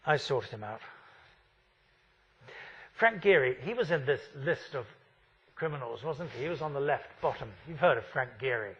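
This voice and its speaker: A man's voice: mid-range voice, expressive, moderate pace, long pauses, a bit bright, breathy edge, dull audio. A man in his fifties giving a university architecture lecture, wry and full of rhetorical questions.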